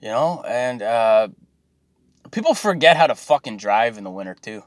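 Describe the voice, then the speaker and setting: A man's voice: medium pitch, expressive, moderate pace, dry recording, studio quality. A man, ranting and swearing in a mocking, exasperated monologue to his viewers.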